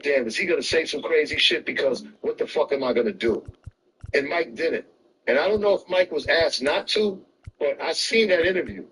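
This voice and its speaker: A man's voice: high voice, a bit bright. A man arguing heatedly in a debate, pressing and repeating his questions. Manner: argumentative, repeats questions insistently. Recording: distant voice with faint background noise.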